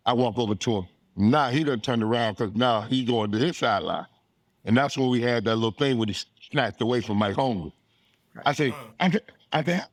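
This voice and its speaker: Middle-aged man, animated storyteller, laughs easily, acts out voices, mid pitch, dry close mic. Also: dry recording. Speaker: guest, former football player. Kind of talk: casual storytelling.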